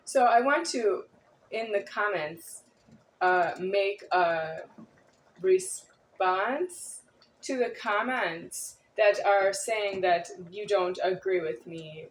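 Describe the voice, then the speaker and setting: A woman's voice: medium pitch, animated, slow pace, far from the mic, slight background noise, rough recording. A woman vlogger talking to the camera in a rambling, repetitive, agitated monologue.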